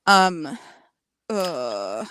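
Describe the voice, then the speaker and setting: A woman's voice: low-pitched, very animated, very slow, fairly bright tone, clear, resonant tone. A woman joining a live stream as a guest, talking casually with many ums and some swearing.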